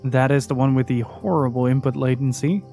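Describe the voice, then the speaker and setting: A man's voice: medium pitch, brisk, vocal fry, soft background music. Wry man streaming a game. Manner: relaxed, wry running commentary. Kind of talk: casual gameplay commentary.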